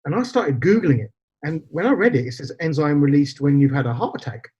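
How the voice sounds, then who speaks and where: A man's voice: on the high side, expressive, a little fast, mellow, slightly rough. A man, telling a personal story as a podcast guest, acting out quoted dialogue and slipping in Punjabi phrases. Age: 40s. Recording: slightly dull lo-fi podcast audio.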